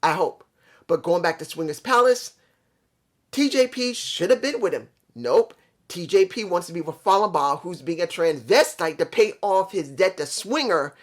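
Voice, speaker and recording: A man's voice: sits high, animated, normal speed. A man from New York reviewing a wrestling show, talking bluntly and profanely, venting his frustration and talking straight to his subscribers. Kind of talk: ranting casual review.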